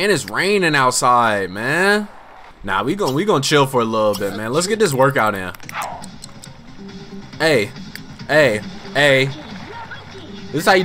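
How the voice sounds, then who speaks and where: A young man giving casual, slangy gameplay commentary as host, laid-back but prone to excited outbursts. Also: fairly high pitch, a little hiss or hum. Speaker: gaming channel host.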